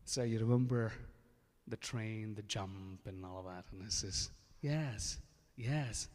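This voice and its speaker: A man's voice: lowish voice, fairly even intonation, moderate pace, a little mellow. A man preaching a sermon with testimony, emphatic and acting out quoted dialogue. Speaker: pastor. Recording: echoey hall with long reverb.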